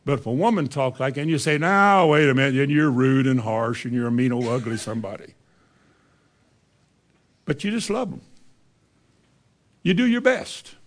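A man's voice: medium pitch, lively intonation, moderate pace, pauses often. A man, preaching a sermon in a folksy, conversational way and reading scripture aloud.

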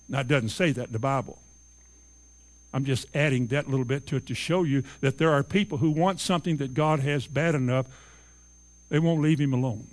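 A man's voice: a little high, a little fast. A man preaching a sermon, retelling Bible stories emphatically and acting out the characters' voices.

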